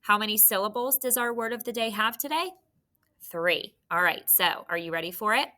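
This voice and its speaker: A woman teaching a recorded phonics lesson to children, encouraging and clearly sounding out syllables. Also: mid-range voice, normal speed, sharp tone.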